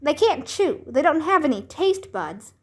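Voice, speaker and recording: A woman's voice: high voice, very animated, a little slow, voice pushed up. A woman voicing an imaginative young girl in a children's book read-aloud, explaining things with dramatic confidence. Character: inventive know-it-all young girl Ivy.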